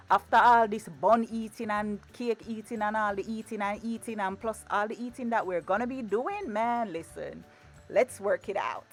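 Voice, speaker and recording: A woman talks her viewers through a recipe in her kitchen. Her manner is chatty and playful, full of repeated phrases. Her voice sits at a middle pitch, with soft music playing faintly underneath. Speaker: cooking vlogger. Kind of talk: casual cooking demonstration. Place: home kitchen.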